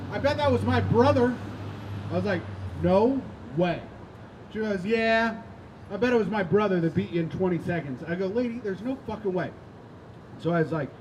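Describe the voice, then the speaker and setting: A man with a high voice does stand-up on an outdoor rooftop, spinning rambling, self-mocking stories and bantering with the crowd. He swears freely. Steady outdoor noise sits clearly under his voice. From Indiana. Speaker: stand-up comedian. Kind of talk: stand-up set.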